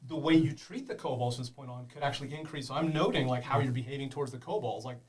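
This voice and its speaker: A man running a tabletop game for beginners as game master, animated, laughing and making sound effects. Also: medium pitch, fast, recorded from a distance.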